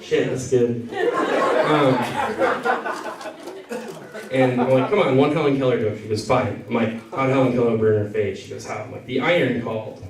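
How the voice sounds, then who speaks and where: A man's voice: medium pitch, steady tone, normal speed, long pauses, a loud crowd. A man doing a loose, rambling stand-up set that keeps correcting itself. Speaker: stand-up comedian. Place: comedy venue with a crowd. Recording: echoey room from far off. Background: audience laughter.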